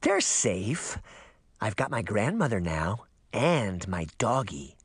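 A man's voice: on the low side, sing-song, takes it slowly, husky, dry recording, studio quality, heavily acted. A man voicing a creepy little girl villain with a sing-song, childish menace in an audiobook reading.

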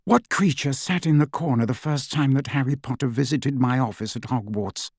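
A man's voice: medium pitch, normal speed, no room sound, close to an everyday voice. Give me a stern, urgent wizard, voiced by a man, in a dry, close sound. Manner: terse, sharp, urgent.

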